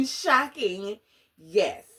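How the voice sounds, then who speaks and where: A woman chatting casually in a book review vlog, animated and slangy, dramatic and often laughing. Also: high voice, extremely slow. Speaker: book vlogger.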